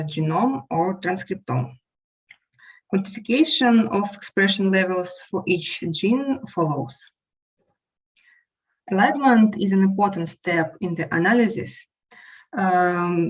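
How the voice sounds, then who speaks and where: A woman instructor giving a prepared lecture over a remote call, reading steadily with small fillers. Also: mid-range voice. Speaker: instructor and invited speaker. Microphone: remote call without camera. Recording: muffled lo-fi call audio.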